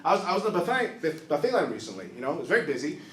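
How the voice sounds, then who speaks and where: A man's voice: a little high, sing-song, rapid-fire, a bit bright. A man from Taiwan performing a stand-up set in a comedy club, chatty and punchy in his delivery. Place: improv comedy club, live audience. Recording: echoey club, mic at a distance, audience laughter.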